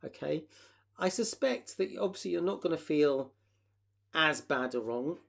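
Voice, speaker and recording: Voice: medium pitch, animated, a little slow, vocal fry, a bit bright. A therapist leading a live online workshop, asking the audience reflective questions and acting out short example dialogues.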